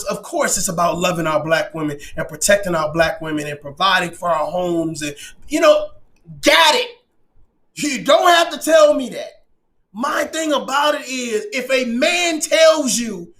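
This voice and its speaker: A man delivering a passionate opinion rant, emphatic and often shouting, swearing and laughing through his points. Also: very high voice. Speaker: commentator.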